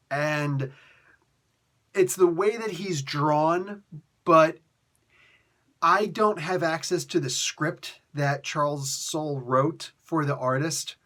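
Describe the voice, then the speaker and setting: A man's voice: fairly high pitch, a bit bright. A man giving a casual, rambling comic book review, full of fillers, restarts and exasperated asides.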